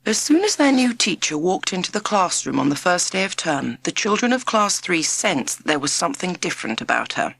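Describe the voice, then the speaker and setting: Expressive woman narrating a children's storybook. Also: fairly low pitch, brisk, gravelly, hardly any pauses, slightly rough, dry recording. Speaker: audiobook narrator.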